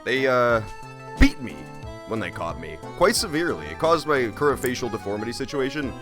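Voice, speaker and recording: A man's voice: mid-range voice, big pitch swings, fairly quick, music in the background. A man giving casual, profane, rambling gameplay commentary while streaming. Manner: rambling, swears a lot, jokey. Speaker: let's play streamer.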